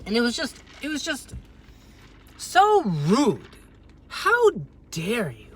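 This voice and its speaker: A young man telling a story on a vlog as a rambling, agitated rant, with sudden loud jumps in pitch. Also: huge pitch swings, slow, husky. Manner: rambling, with many restarts. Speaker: vlogger.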